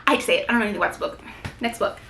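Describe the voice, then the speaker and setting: A woman's voice: mid-range voice, rapid-fire, creaky, a bit bright, reverberant, slight background noise. A young woman chatting casually about her new books, gushing and rambling with lots of fillers. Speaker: book vlogger. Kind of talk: casual book haul chat. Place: room at home with bookshelf.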